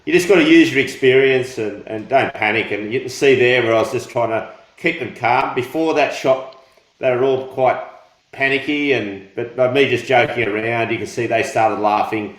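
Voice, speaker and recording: A relaxed man, a lifeguard, recounts a rescue plainly and matter-of-factly. His voice has a roomy echo. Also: mid-range voice, moderate pace. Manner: relaxed, matter-of-fact storytelling. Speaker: head lifeguard. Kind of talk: casual chat on a live stream.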